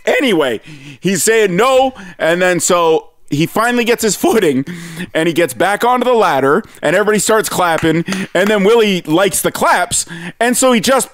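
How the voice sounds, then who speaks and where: A man spins a comic story in loose chat, swearing freely. His voice sits high and leaps up and down. He talks with constant energy. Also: normal speed. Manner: animated, swears freely, acts out other people's voices. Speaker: podcast co-host telling a story. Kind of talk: casual comedic storytelling.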